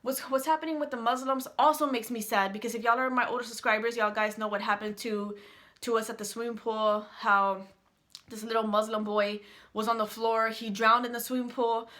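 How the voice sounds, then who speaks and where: Woman vlogger, slightly high voice, blunt and heated, swears freely in a casual to-camera rant. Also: fairly even intonation, brisk, sharp tone. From San Antonio, Texas, USA.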